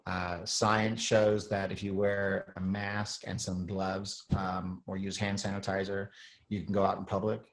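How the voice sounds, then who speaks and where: Middle-aged male host, lowish voice, rambling casual monologue, lots of throat clearing. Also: little pitch movement, measured pace, rough recording.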